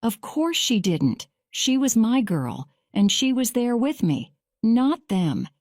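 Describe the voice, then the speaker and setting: A woman voicing a young man being questioned in court, speaking in a slow, measured storybook reading. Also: fairly high pitch, sing-song, darkish tone, no room sound, studio quality. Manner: measured, slow graded-reader delivery.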